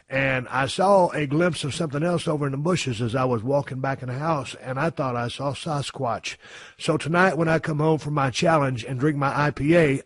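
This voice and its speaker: A man's voice: on the high side, a bit bright, dry recording. A man hosting a podcast, telling a comic tall tale in a profane, rowdy drawl. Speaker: podcast host.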